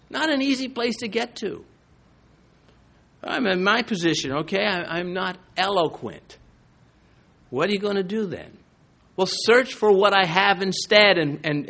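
A man's voice: high-pitched, a bit bright. A man preaching a sermon as a pastor in a church, talking in a loose, self-deprecating way with frequent restarts.

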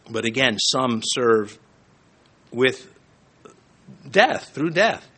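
A male pastor delivers a sermon in a bright, high voice that leaps up and down with energy. He punctuates his points with emphatic bursts and playful asides, then drops suddenly to a softer tone. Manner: animated, emphatic, joking asides with quick swings between loud and soft.

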